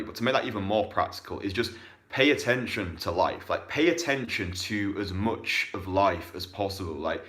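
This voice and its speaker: Young man, lower register, profane and blunt, casual coaching delivery. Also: a bit bright. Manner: blunt and profane, with bursts of fast talk. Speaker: dating coach.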